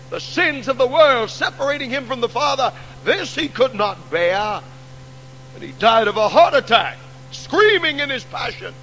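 A pastor preaching a sermon, repeating refrains, sinking quiet and then swelling into loud, rousing calls. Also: male voice, extremely high pitch, a little hiss or hum, rough recording.

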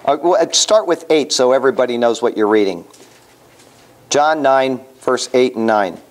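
A man's voice: mid-range voice, lively intonation, normal speed. A man leading a Bible study class in a conversational way, asking the class questions as he teaches. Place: room with a small class.

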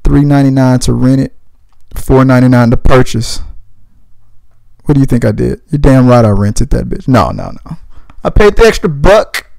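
A man's voice: mid-range voice, big pitch swings, normal speed, creaky, darkish tone, no echo, poor audio. A young man hosting a casual movie commentary podcast from home, rambling and profane in a laid-back way. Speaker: podcast host.

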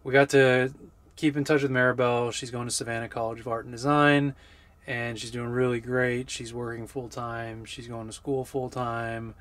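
A man in his thirties hosts a casual travel vlog outdoors on city streets, easygoing and jokey as he talks straight to the camera. His voice is medium in pitch and a bit bright, with a flat delivery at a moderate pace.

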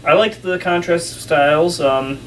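A man hosting a casual chat, speaking in a measured, hesitant way with many pauses. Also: fairly high pitch, a bit bright, slight background noise. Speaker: podcast host. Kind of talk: casual chat reviewing a wrestling show. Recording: distant mic in a room.

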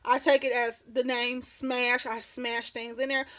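A woman's voice: a little high, flat delivery, a little slow, a bit bright. A woman in her thirties chatting casually through a craft show-and-tell at her home desk, rambling, laughing often and sounding slightly out of breath. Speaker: craft vlogger.

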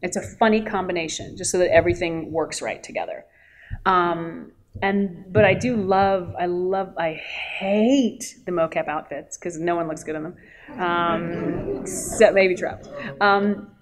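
A woman voice actress speaking as a guest on a convention panel, telling animated stories and laughing often. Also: fairly low pitch, unhurried. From Canada. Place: expo panel, indoors.

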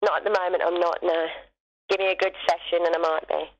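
A woman's voice: lowish voice, flat delivery, quick pace, dull audio. A woman in her forties on a flirty phone chat, playful and giggly. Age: 40s. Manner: giggly, playful, breaks into laughter. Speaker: chat line presenter.

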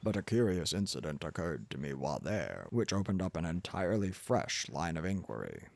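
Man doing a pompous old professor, condescending, lecturing, very low gravelly voice, lively pitch. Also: brisk, no room sound, exaggerated voice. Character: pompous arrogant older male professor.

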